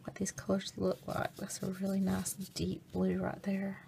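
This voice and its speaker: A woman with a scratchy, hoarse voice from illness, chatting casually as she hosts a craft video. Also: medium pitch, measured pace. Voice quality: scratchy, gravelly. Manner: chatty, rambling, relaxed. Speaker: craft channel host. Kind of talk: casual unboxing vlog chat.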